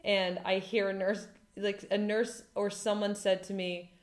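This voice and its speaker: A woman in her thirties telling a dramatic personal story in casual chat, animated and full of fillers. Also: medium pitch, measured pace. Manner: animated, dramatic retelling with lots of "like". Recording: echoey room.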